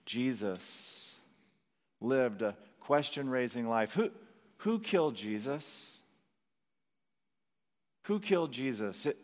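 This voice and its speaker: A man preaching a sermon in a slow, dramatic way, rising to emphatic peaks and dropping to hushed lines. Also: mid-range voice, long reverb tail. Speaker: pastor.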